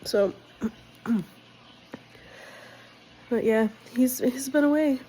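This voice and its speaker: A woman's voice: sits high, drawn-out words, mellow, breathy edge, poor audio. A young woman vlogging casually about her life, candid and direct, emotional and sick with a cold. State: sick, congested. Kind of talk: casual personal vlog.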